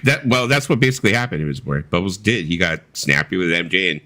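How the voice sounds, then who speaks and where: A man's voice: low voice, expressive, bright, forceful tone. A man co-hosting a casual late-night stream chat, swearing freely and laughing as he talks. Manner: profane, laughing, does quick impressions. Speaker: co-host.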